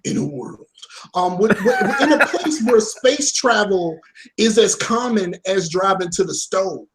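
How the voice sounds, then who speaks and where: A young man co-hosts a casual podcast with a high-pitched voice for a man. He talks in slang, with lots of energy, and climbs into loud rants. His delivery is loose and animated. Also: measured pace. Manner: animated, slangy, gets worked up ranting. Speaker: podcast co-host.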